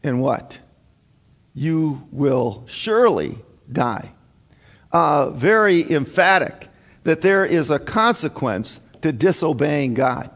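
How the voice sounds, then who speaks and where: A man preaching a sermon as pastor, slow and emphatic, with frequent "uh" and "um" fillers. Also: on the high side, animated, a bit bright, big-room sound.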